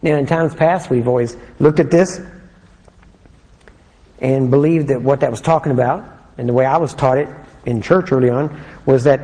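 A man preaching a sermon in a conversational way, often putting questions to his listeners and slowing down to read scripture aloud. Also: mid-range voice, warm tone. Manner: conversational, asks the congregation questions. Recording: long hall reverb.

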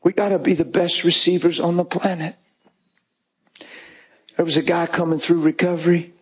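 A man preaching, telling a folksy story in a sermon with rising, emphatic shouts. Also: on the high side, flat delivery, normal speed, husky.

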